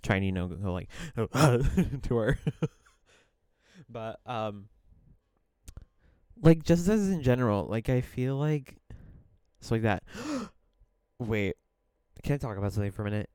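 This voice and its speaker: A man's voice: medium pitch, lively intonation, unhurried, pauses often, darkish tone, clean tone, no room sound, clean studio sound. A man co-hosting a casual hangout podcast, rambling with lots of "like" and restarts and laughing often. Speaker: podcast co-host. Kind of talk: casual chat.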